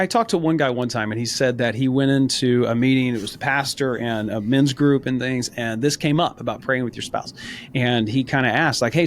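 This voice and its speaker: A man's voice: mid-range voice, a little hiss or hum. A man co-hosting a men's faith podcast, talking in an earnest, encouraging way and telling stories from his experience. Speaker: podcast co-host. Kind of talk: casual faith podcast talk.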